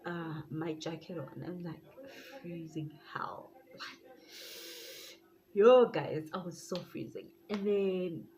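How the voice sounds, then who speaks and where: Brief: South African woman, lowish voice, animated storytime with faint background noise. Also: poor audio. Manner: animated, laughs often, slips into Zulu phrases. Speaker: YouTuber. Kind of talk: casual storytime vlog.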